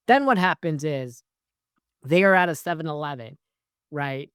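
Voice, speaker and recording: Casual film reviewer, mid-pitched, dry close sound, rambling and profane with constant filler asides. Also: normal speed, clean tone, no room sound. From based in New York. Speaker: movie reviewer.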